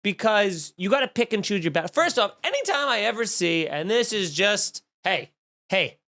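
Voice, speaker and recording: A man's voice: high voice, big pitch swings, pushed and bright. Snarky man ranting on a podcast. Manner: snarky, profane, rapid riffing with mock outrage. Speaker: podcast host. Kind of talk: comedic ranting monologue.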